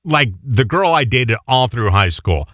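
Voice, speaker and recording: A man of middle pitch whose voice rises and falls a lot, co-hosting a casual chat in an emphatic, insistent way. The recording is close and dry. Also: animated, measured pace, a bit bright, no echo. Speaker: co-host.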